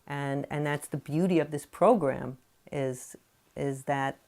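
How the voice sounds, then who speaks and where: Low-voiced woman explaining parenting ideas. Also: fairly even intonation, takes it slowly, a little mellow. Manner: conversational, many "you know" fillers, acts out parent quotes. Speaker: parenting author. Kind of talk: explanatory talk to camera.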